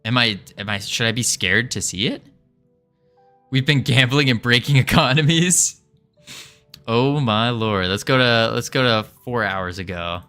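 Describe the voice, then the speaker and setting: A man's voice: medium pitch, unhurried, pushed and bright, smooth, faint music behind. A man chatting casually with his stream audience as a game developer, rambling, joking and restarting his sentences. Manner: rambling, joking with chat, stumbling over restarts. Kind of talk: casual livestream chat.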